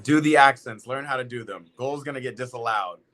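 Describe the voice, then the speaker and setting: Man, bright forceful voice, watch-along streamer, slangy exclaiming reactions. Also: medium pitch, a little fast. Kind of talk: live football watch-along commentary.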